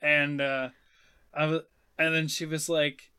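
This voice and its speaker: A man's voice: fairly high pitch, level tone, unhurried, sharp tone, clean tone. A man in his thirties, a podcast host, telling family stories in casual chat and laughing between lines.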